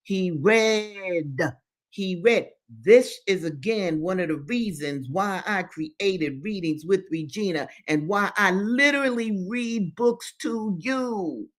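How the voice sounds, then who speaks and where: A woman's voice: medium pitch, slow, hardly any pauses. A woman hosting a book-reading show, reading aloud and breaking off into passionate commentary that stresses points by repeating phrases. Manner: emphatic, repeats phrases for stress, preacher-like address. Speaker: host reading books aloud.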